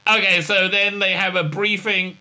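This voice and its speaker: A man's voice: sits high, flat delivery, moderate pace, sharp tone. A man hosting a casual review vlog, sarcastic and mocking, rambling with many fillers. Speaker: show host and reviewer.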